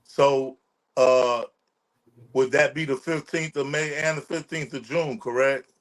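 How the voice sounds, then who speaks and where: A man's voice: mid-range voice, fairly even intonation, measured pace, low-quality recording. A man in a class politely asking his teacher a question and calling him sir.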